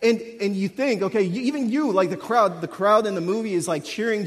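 A young man preaching a sermon, talking casually and animatedly, rising loud and dropping quiet. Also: high-pitched, quick pace, hardly any pauses. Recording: long hall reverb.

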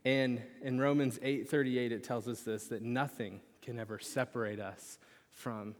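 A young man preaching a sermon, telling a lively personal story with animated pitch swings before turning to scripture. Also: normal speed. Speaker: pastor. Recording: long reverb of a large hall.

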